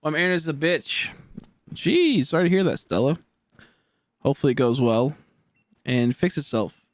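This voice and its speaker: A man's voice: medium pitch, lively intonation, fairly quick, dry recording. A man in his twenties chatting casually on a game live stream, rambling and joking as he answers chat aloud. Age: 20s.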